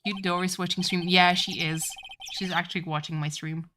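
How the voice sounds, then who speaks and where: A woman streamer playing a game, reading its dialogue aloud with lively asides and self-corrections. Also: lowish voice, normal speed, noisy background.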